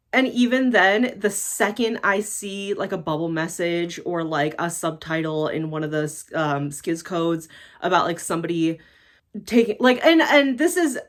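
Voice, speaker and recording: A woman's voice: mid-range voice, a bit bright. A woman vlogger talking to camera in a casual, exasperated rant, swearing constantly and speaking bluntly. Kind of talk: casual ranting monologue to camera.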